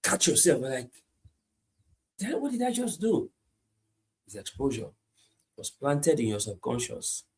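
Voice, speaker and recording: A man preaching a sermon, repeating his points emphatically and moving between hushed lines and loud climaxes. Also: mid-range voice, sing-song, measured pace, pauses often. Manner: repetitive, emphatic, swings from hushed to shouting.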